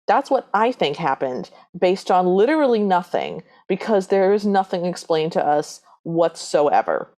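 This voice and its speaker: A woman's voice: lowish voice, big pitch swings, a little slow, hardly any pauses, a little mellow. A woman co-hosting a podcast, speculating about the plot and recounting scenes in casual, chatty talk to listeners. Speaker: podcast co-host. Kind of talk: casual chat recapping a movie.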